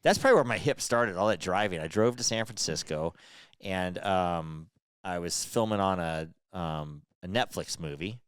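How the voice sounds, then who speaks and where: A man's voice: low-pitched, animated, normal speed, clear, resonant tone, dry recording, clean studio sound. A man in his forties co-hosting a podcast in casual chat, rambling and interrupting himself as he tells stories. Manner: rambling, self-interrupting storyteller. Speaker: podcast co-host.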